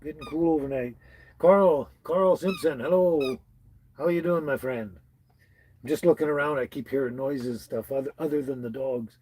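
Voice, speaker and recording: A man's voice: on the high side, moderate pace, darkish tone, a little hiss or hum, low-quality recording. Chatty man greeting live viewers. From British Columbia, Canada. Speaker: livestream host. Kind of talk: casual live-stream chat. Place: tiny house with dogs nearby.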